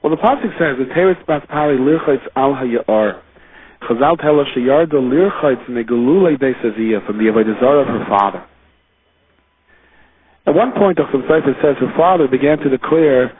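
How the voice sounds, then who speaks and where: A man, a rabbi, giving a Torah lecture in an animated storytelling manner with pitch rising and falling for emphasis. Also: normal speed. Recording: tinny phone-line audio.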